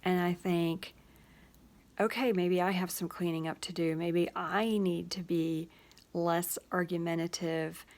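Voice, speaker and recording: A woman hosting her own show, gently thinking out loud in a casual, reflective way with many pauses and fillers, sometimes dropping to a soft whisper. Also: on the low side, steady tone. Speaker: host of a personal reflection show.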